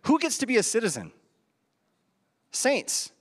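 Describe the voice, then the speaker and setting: A man's voice: extremely high pitch, huge pitch swings, unhurried, fairly bright tone. A man preaching a sermon into a handheld microphone, conversational, with rhetorical questions and chuckles at his own asides. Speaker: pastor. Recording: reverberant hall.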